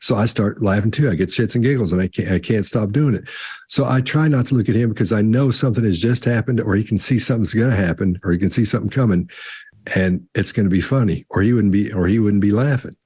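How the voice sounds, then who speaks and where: A man co-hosting a live Q&A, talking slowly and deliberately with long pauses in the middle of sentences. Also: lowish voice, darkish tone, husky. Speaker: co-host. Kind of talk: live Q&A talk.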